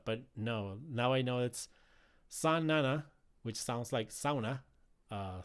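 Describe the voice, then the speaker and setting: A man's voice: mid-range voice, a little slow, clean tone. A man casually recapping a wrestling show, rambling with many fillers and restarts. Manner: rambling, frequent fillers and restarts, laughs easily. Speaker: wrestling podcast host.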